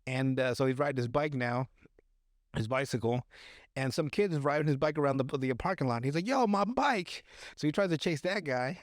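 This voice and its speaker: A man on a podcast casually recapping a movie, profane and animated, acting out the characters' lines as he goes. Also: medium pitch, fairly quick, no echo, studio quality. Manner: profane, animated retelling with acted-out quotes. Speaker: podcast host.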